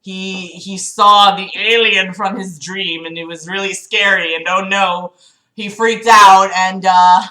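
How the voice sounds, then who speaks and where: This young woman's medium-pitched voice is steady and sharp, and she takes it slowly. Hosting a relaxed livestream in an echoey home room, she coughs slightly, curses freely, chats away and reads a friend's book aloud in a fretful, giggly, chatty, profane manner.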